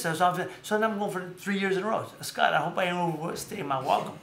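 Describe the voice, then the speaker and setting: This high-voiced host talks briskly and creakily, with hardly any pauses, during a casual boxing live stream. He tells rambling, animated stories and often corrects himself. The room echoes, with faint background noise.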